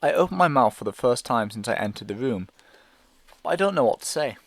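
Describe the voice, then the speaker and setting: A man's voice: medium pitch, expressive, a little fast, no echo. Man narrating an anxious first-person story. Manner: anxious, hesitant inner monologue. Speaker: audiobook reader.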